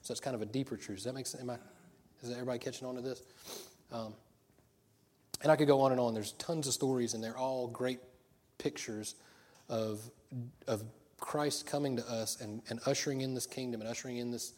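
A middle-aged pastor with a drawl delivers a sermon. He keeps it loose and chatty, cracking jokes and laughing between points, and his voice sits at an ordinary pitch for a man. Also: steady tone, a little fast, long pauses, darkish tone. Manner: chatty and joking, laughs often.

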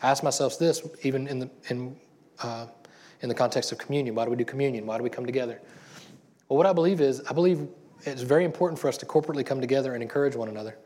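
A man's voice: medium pitch, very fast, dark tone. Chatty male pastor preaching casually. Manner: casual and chatty, with frequent restarts and laughter. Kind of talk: conversational sermon.

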